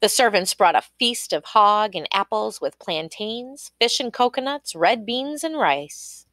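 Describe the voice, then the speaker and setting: Slow, lively woman storyteller. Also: medium pitch, no echo, studio quality. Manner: lively, expressive reading. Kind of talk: storybook read-aloud narration.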